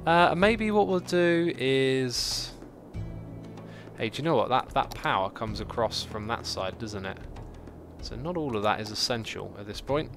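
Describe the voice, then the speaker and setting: A man giving casual, chatty livestream commentary while building a city in a game, reacting out loud to it and answering chat. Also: medium pitch, animated, gravelly. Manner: chatty, talks to the game and to chat, quick exclamations. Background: faint background music.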